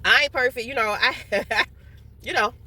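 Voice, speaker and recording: Candid, profane woman with a bright voice. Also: fairly high pitch, moderate pace, breathy edge. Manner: candid, profane, laughs often; talking while eating and drinking. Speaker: vlogger. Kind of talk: casual monologue.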